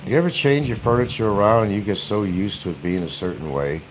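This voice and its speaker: A man vlogging from a room in his home in casual chat, mocking and repeating his points slowly and deliberately. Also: fairly low pitch, sing-song, slight background noise.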